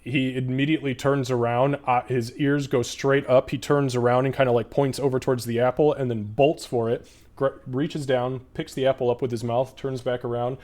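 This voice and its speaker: Relaxed man narrating as game master. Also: mid-range voice, normal speed, hardly any pauses. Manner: relaxed, many fillers, laughs.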